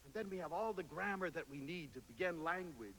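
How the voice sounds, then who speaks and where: A man giving a lively lecture to an audience, telling stories and slipping into playful voices when he quotes people. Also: a little high, a little fast, husky. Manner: animated storyteller, quotes others in playful voices. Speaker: public speaker. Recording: hall reverb, faint hiss.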